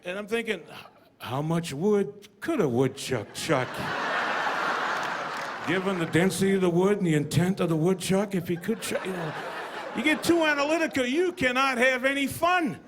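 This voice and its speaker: A man performing a stand-up comedy routine, telling stories and acting out voices with deadpan punchlines. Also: high voice, brisk. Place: comedy stage with live audience. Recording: live audience, noisy room.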